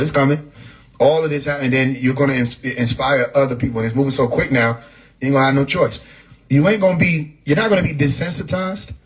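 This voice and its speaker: A man's voice: medium pitch, poor audio. A man talking casually on a livestream, laid-back and profane, often laughing as he talks. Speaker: livestream host. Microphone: phone mic.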